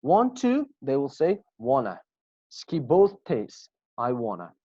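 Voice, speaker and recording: A man's voice: fairly high pitch, wildly swooping pitch, mellow, dry recording. Guy running an online english class, says every example twice, muffled call audio. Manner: slow, repeats example phrases, asks students questions. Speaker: English teacher. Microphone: video call. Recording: dull lo-fi video call audio.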